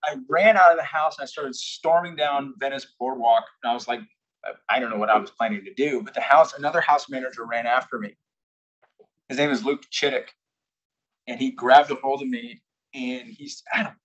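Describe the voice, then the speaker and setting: Man, husky voice, candid storyteller, invited speaker, live audience talk. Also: medium pitch, a little fast, poor audio. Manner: candid storytelling, acting out shouted quotes. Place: corporate headquarters presentation room.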